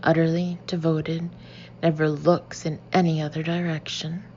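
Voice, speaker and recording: A woman's voice: sits low, level tone, normal speed, dark tone, muffled recording, slight background noise, lightly acted. A woman reading an audiobook voices a middle-aged mother who is suspicious and curt, speaking in a pointed, aggressive way. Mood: snide.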